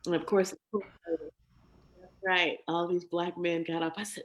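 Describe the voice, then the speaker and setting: An older woman telling a story as a guest, animated and laughing, acting out quoted lines. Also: lowish voice, normal speed. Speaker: guest vocalist. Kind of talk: storytelling in a conversation.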